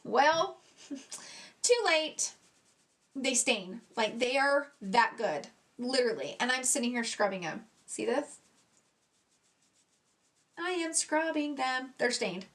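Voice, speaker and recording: A woman's voice: fairly high pitch, animated, takes it slowly, fairly bright tone. A woman beauty vlogger giving a casual product review, chatty and gushing, swearing casually and poking fun at herself.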